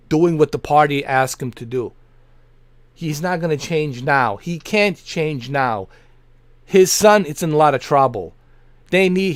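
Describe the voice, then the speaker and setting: A man's voice: mid-range voice, no room sound. A middle-aged man from Bosnia, a livestream host giving an impassioned political rant, emphatic and earnest, repeating his points.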